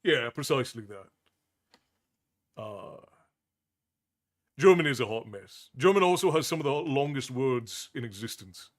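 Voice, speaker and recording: A man's voice: medium pitch, animated, a little slow, long pauses. A man hosting a livestream, chatting casually with viewers in a rambling way, full of restarts and chuckles. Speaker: livestream host.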